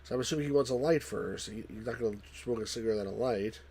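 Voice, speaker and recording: A man playing a text adventure on a casual let's play, talking in halting bursts with many restarts. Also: mid-range voice, darkish tone, slight background noise. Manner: halting, restarts mid-sentence. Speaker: co-host playing the game.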